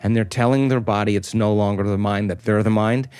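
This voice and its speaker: A man's voice: fairly low pitch, fairly even intonation, fairly quick, a little mellow, clean tone, no echo. A middle-aged man, a guest in an interview, explaining ideas emphatically with rhetorical questions and repeated phrasing. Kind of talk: explanatory talk.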